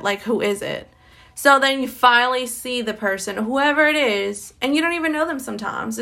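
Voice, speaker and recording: A woman's voice: medium pitch, gravelly, pushed and bright. A tired woman talking in a casual diary-style monologue, blunt and candid, swearing constantly and rambling with fillers and little laughs. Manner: blunt, candid, heavily profane. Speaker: podcast host.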